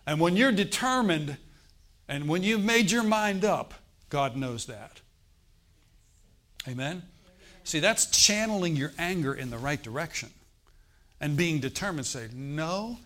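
A middle-aged man preaching a sermon, telling stories and acting out the voices of the people in them, swinging from hushed to loud. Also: fairly high pitch, animated, measured pace, long pauses. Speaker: pastor. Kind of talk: sermon storytelling.

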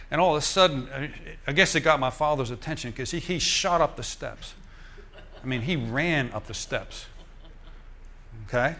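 An older male preacher tells his own story from the pulpit, lively and chuckling as he speaks to the congregation. His voice sits at a middle pitch, and his delivery is conversational and animated. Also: normal speed, gravelly, slight background noise. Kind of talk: sermon testimony. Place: church.

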